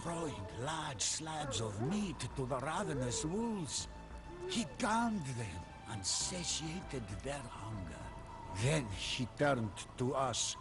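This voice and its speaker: A male commander narrates a campaign journey in a measured, storytelling style. His delivery is slow and deliberate, with loud orchestral music underneath this game cutscene. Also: medium pitch, very animated.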